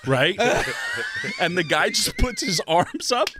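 A man telling a lively story in casual chat, laughing often and quoting people in voices. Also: on the high side, slow, long pauses, noisy background. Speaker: guest storyteller.

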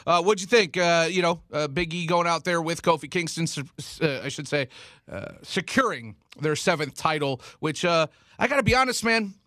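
Higher-voiced chatty radio host man. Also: animated, bright, forceful tone, no room sound, clean studio sound. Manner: chatty, halting with restarts and laughs. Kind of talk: casual sports radio chat.

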